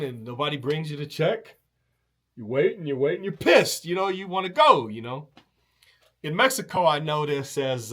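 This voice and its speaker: A man hosting a show rambles through a casual anecdote in a medium-pitched, fairly bright voice, with plenty of fillers, restarts and casual swearing.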